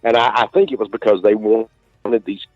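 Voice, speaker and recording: A man with an East Texas accent, an author being interviewed, telling stories in a relaxed drawl with many restarts. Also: on the low side, moderate pace, no room sound, soft background music. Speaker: author guest. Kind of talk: casual interview talk. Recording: dull lo-fi dry stream audio.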